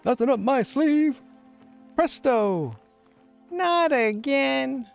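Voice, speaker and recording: A man's voice: very high-pitched, animated, drawn-out words, gravelly, faint music behind, pitched above the performer's own voice, exaggerated voice. A man voicing a goofy cartoonish magician who announces his tricks in a showy way.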